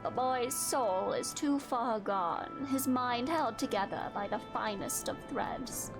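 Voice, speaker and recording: A woman voicing a grave, scholarly woman researcher of the soul, speaking in measured, formal, old-fashioned phrasing over game music. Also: a little high. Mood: solemn. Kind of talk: reading game dialogue aloud.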